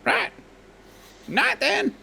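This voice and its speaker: A man playing a creaky rambling old hermit. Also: extremely high pitch, huge pitch swings, drawn-out words, pushed and bright, a little hiss or hum, exaggerated voice. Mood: drowsy, rambling. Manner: rambling, muddled, trips over words. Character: the Hermit, an eccentric old male hermit. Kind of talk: tabletop game role-play.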